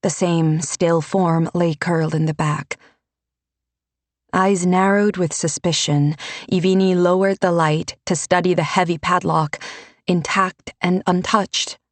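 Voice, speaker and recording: A woman narrating a fantasy audiobook in a measured, unhurried storytelling manner. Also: fairly low pitch, steady tone, no room sound.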